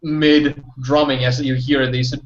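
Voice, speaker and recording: Rambling game master, muffled audio. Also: male voice, medium pitch, little pitch movement, slow, slight background noise. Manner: rambling, heavy on fillers. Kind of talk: narrating a tabletop game.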